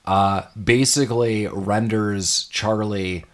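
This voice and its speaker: A man hosting a casual podcast discussion of a film, animated and quick to laugh, often acting out lines from scenes. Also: on the low side. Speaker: podcast host.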